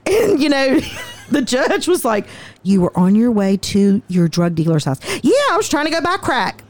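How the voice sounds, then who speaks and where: A woman, telling stories in a lively, profane, folksy way as a guest. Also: mid-range voice, moderate pace. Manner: animated, profane, folksy storyteller. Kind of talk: casual storytelling.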